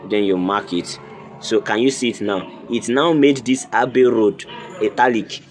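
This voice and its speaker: A man with a somewhat low voice talks over a screen recording of a coding lesson. He goes step by step like a patient teacher and keeps asking whether you can see it. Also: normal speed, faint music behind. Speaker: coding tutorial host. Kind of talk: screen-recorded tutorial walkthrough.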